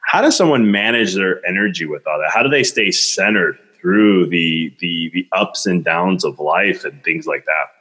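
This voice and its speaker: A man with a very deep voice and a crisp, bright tone hosts a podcast. He asks his questions calmly and inquiringly. The sound has a long reverberant tail. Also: normal speed, few pauses. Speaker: podcast host. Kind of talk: interview questions.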